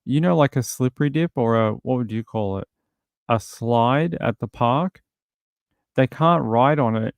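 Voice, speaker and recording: A man's voice: mid-range voice, measured pace, creaky, no room sound. An Australian man hosting a casual true-crime livestream, speaking bluntly and with indignation as he reads viewer comments aloud. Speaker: livestream host.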